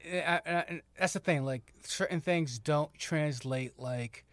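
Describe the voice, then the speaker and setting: A man co-hosting a casual podcast chat in a slightly higher voice. He halts and repeats words before landing his point, and the recording is dry and close. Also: takes it slowly, fairly bright tone, no room sound. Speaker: podcast co-host.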